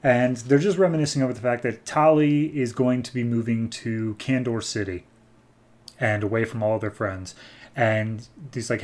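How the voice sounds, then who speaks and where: A man hosting a comic book podcast, recapping an issue in loose, chatty talk and slipping into quick character voices. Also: medium pitch, fairly even intonation, a little mellow.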